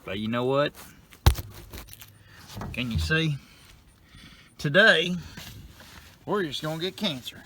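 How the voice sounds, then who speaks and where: A middle-aged man with a drawl holds forth outdoors in a folksy, cussing rant on a farm vlog. His voice sits fairly high, and the outdoor recording carries steady background noise. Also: slow, pauses often. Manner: folksy, cussing, fired-up ranting. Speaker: farm vlogger.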